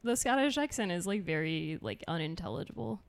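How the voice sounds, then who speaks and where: A woman in her twenties from the United States, a guest comedian chatting casually on a podcast, halting with many fillers and dry jokes. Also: lowish voice, lively intonation, creaky. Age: 20s.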